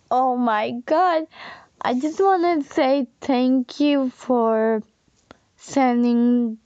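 A young woman vlogging, crying and overwhelmed with happiness, speaking haltingly with many fillers. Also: on the high side, a little mellow, no room sound, muffled recording. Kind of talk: emotional thank-you vlog.

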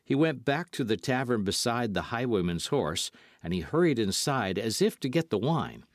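A man's voice: medium pitch, moderate pace, no echo, clean studio sound. Man narrating an audiobook dramatically. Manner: lively, dramatic storytelling. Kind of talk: scripted narration.

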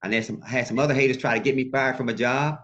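A male pastor preaching a sermon in a colloquial, animated way and calling out to his congregation. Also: mid-range voice, quick pace. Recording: muffled lo-fi sound.

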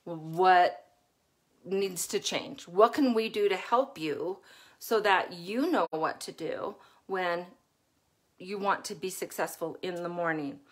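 A middle-aged parenting coach gives a live-stream talk in a fairly low voice, speaking slowly. She's chatty and laughs often while acting out her own moments of yelling.

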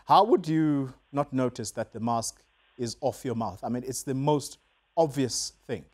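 A South African male news anchor with a pitch squarely in the middle for a man. He conducts a live TV interview in a pressing, skeptical manner, pushing for straight answers. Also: unhurried, darkish tone.

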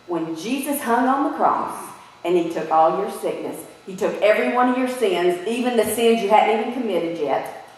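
A woman preaching a sermon in an animated way, putting questions to her listeners. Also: mid-range voice, normal speed. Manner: animated, asks the audience questions. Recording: echoey hall from far off.

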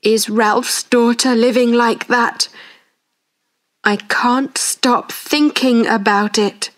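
Brief: woman reading a remorseful, anxious wealthy man, slow and earnest, fairly high-pitched. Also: steady tone, fairly bright tone. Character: grieving wealthy man, guilt-ridden, anxious.

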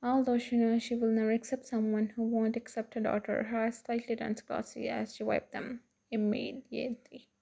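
A woman narrating fan fiction aloud in a steady reading voice with frequent slips. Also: fairly high pitch, normal speed, gravelly, hardly any pauses, husky.

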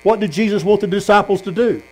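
A man's voice: high voice, quick pace, darkish tone, low-quality recording. A man preaching a sermon at a tent meeting, telling stories and putting questions to the congregation. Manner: storytelling, asks the congregation questions.

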